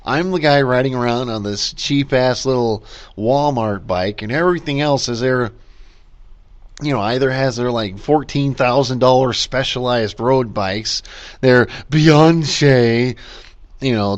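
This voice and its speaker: A man's voice: medium pitch, a little slow. Rambling, swearing man on a lo-fi podcast. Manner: rambling, lots of fillers and restarts, profane. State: caffeinated, talking fast. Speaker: podcast host. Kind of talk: casual solo rant.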